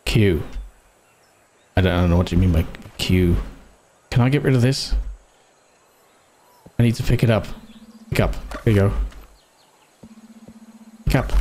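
A young man giving gameplay commentary as a streamer, excitable and swearing at the game as he plays. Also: low-pitched, moderate pace, long pauses, a little hiss or hum.

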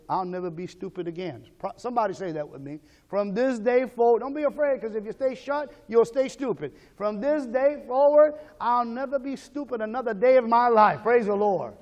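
A man with a high-pitched voice delivers a sermon as pastor. He leads the congregation in call-and-response lines and swings between quiet, murmured prayer and loud, urgent exhortation. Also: expressive, moderate pace.

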